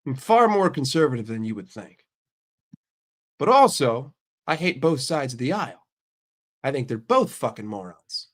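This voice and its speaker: A man's voice: medium pitch, sing-song, moderate pace, pauses often. An American man with a blocked nose from a cold, bantering with his chat in a brash, profane, mock-outraged way. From United States. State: sick with a stuffy nose. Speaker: streamer answering chat. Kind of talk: casual livestream chat.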